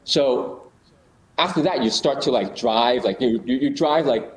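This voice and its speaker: A man's voice: mid-range voice, a little slow, low-quality recording. A man in a casual chat, explaining ideas through little acted-out stories, with many fillers and restarts.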